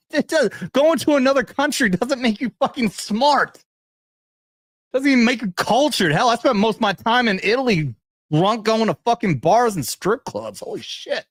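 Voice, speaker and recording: A man's voice: high voice, dry recording, clean studio sound. A young adult man, a veteran hosting a show, ranting casually with constant swearing and frequent laughter. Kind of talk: casual profane commentary rant.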